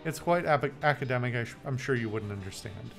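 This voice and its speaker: A man's voice: medium pitch, animated, fairly quick, vocal fry, music in the background. A man voicing a busy, snooty male scholar in a video game, speaking in a dismissive, condescending and weary way.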